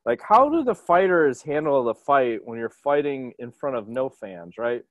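A man hosting a casual podcast over a video call, talking in an excitable, profane and jokey way. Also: mid-range voice, normal speed, dry recording, dull audio. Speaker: podcast host.

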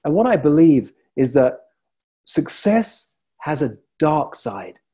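A male coach speaks in a soft, mellow tone with a slightly husky edge. He tells stories slowly and reflectively, leaving deliberate pauses between thoughts. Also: on the high side. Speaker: leadership coach. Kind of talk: motivational talk to camera.

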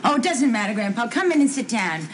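An actress playing an earnest, confused housewife in a 1970s TV soap, speaking in a hesitant, stammering way. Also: female voice, on the high side, sing-song, fast talker, slight background noise.

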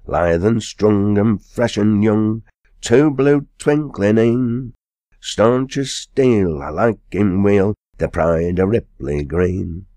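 A man's voice: low-pitched, darkish tone, no room sound, full character voice. A man voicing a cheery, hungry old yard servant with a broad Lancashire dialect, jovial and sing-song, in an audiobook.

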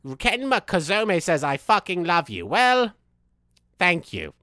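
Over-the-top young villain, voiced by a man, giddy with his own genius, as his bright, sharp voice leaps all over the place and gloats straight at the chat during a game stream. Close, dry sound. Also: high-pitched, huge pitch swings, slow pace, no echo, full character voice. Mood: cocky. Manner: boastful, theatrical, wildly swinging delivery, laughs at himself. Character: vain, unhinged young male villain, boastful and manic. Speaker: live streamer in character. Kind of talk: in-character gameplay commentary.

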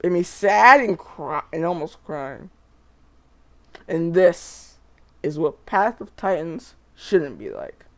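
A woman's voice: lowish voice, sing-song, takes it slowly, a bit bright. A woman doing melodramatic gameplay commentary, pleading and wailing theatrically. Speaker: gameplay video creator.

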